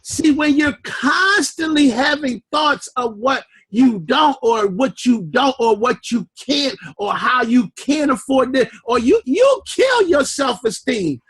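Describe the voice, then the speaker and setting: A man hosting a fired-up motivational conference call, loud and preachy. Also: lively intonation, takes it slowly, hardly any pauses, breathy edge, no room sound. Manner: loud, preachy, shouting with swooping pitch.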